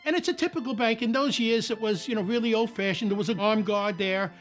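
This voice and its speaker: High-voiced old New storyteller. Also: male voice, fast talker, faint music behind. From New York. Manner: animated anecdotal storytelling. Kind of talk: documentary interview.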